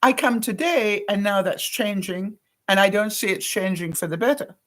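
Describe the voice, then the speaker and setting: A woman's voice: medium pitch, normal speed. An older woman from Canada, a vlogger telling a personal story in a chatty way, laughing often and acting out the lines of the people she quotes. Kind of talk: casual storytelling to camera.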